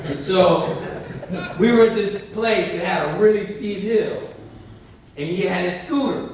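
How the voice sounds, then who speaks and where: A man giving a keynote speech at a university conference, telling stories with animated energy, laughs and restarts. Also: high voice, slow pace, long pauses. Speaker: keynote speaker. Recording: echoey hall, distant mic, faint noise.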